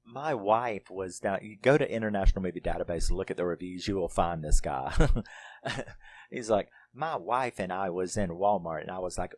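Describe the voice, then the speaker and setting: A man's voice: low-pitched, normal speed, darkish tone. A middle-aged man reviewing a horror movie in casual, rambling talk, laughing often and swearing freely.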